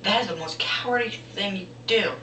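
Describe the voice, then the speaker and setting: A man's voice: sits high, fairly quick, a little hiss or hum. A teenage boy doing a rambling, jokey stand-up monologue as a comedy vlogger. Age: teens. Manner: rambling, jokey, breaks into loud impressions. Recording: roomy echo, distant camera mic.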